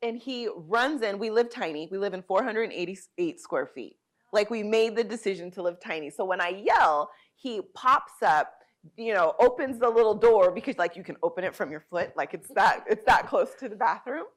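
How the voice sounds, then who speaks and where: A woman's voice: medium pitch, animated, normal speed. Woman telling a heartfelt personal story. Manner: heartfelt, vivid storytelling with swings in loudness. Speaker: guest.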